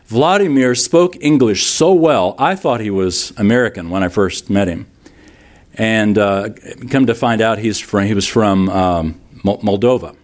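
A middle-aged man preaching a sermon as a pastor, telling stories and acting out the people in them. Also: medium pitch. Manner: storytelling, acting out quoted voices.

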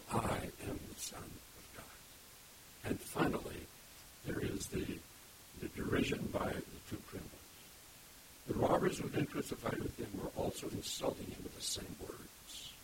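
A man preaching an expository sermon, reading scripture aloud and stopping to explain the words. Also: normal speed. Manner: emphatic, reads scripture aloud and stops to explain. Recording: loud background hiss. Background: steady hiss.

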